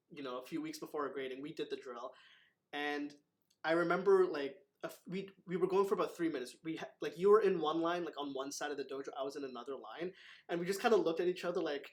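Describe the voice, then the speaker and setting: A man with a slightly raised voice hosts a relaxed chat as a martial arts instructor. He rambles through his stories, leaning on fillers and acting out what others said. His tone stays easygoing and conversational. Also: on the high side, brisk. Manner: rambling, filler-heavy retelling with acted quotes. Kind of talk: casual storytelling chat.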